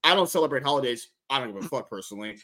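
A man hosting a podcast, talking in a loud, crude, joking way. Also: medium pitch, expressive, racing. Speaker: podcast host. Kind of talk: crude casual podcast chat.

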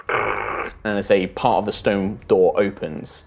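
Low-voiced man running a tabletop game. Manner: halting narration with many fillers. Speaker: game master.

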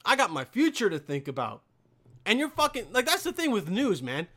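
A young man ranting profanely to camera as a vlogger, with loud bursts and mocking quoted voices. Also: high-pitched, wildly swooping pitch, moderate pace. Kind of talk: profane comedic rant.

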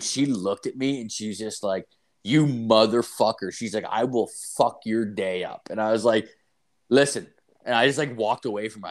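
A young man spins a crude story in loose, casual talk, swearing in nearly every sentence. He rambles and restarts, slipping into the voices of the people in his tale. His voice sits at an ordinary middle pitch. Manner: profane, rambling, acts out quotes.

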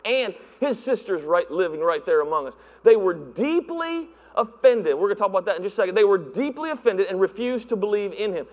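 A male pastor preaching in a church, animated and acting out voices with laughs. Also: high-pitched, a little fast, few pauses. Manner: animated, acts out voices, laughs at own jokes. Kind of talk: sermon. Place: church sanctuary. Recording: long hall reverb.

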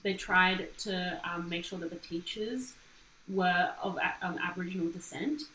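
A young Australian woman talking thoughtfully in a podcast chat, pausing to find her words. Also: fairly low pitch, pushed and bright. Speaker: podcast guest. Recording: roomy with faint noise.

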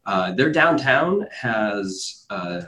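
A man co-hosting a casual podcast, chatty and jokey, telling animated stories. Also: on the low side, very slow. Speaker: podcast co-host, lawyer.

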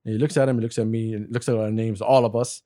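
A man in his forties from Saudi Arabia telling a story in casual chat, animated, laughing often and swearing freely. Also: lowish voice, fast talker, dry recording, clean studio sound. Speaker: guest.

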